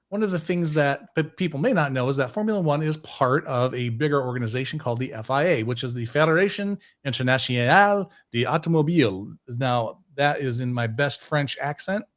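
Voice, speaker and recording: A man hosting a casual podcast, rambling and correcting himself as he goes. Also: a little high. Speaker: podcast host.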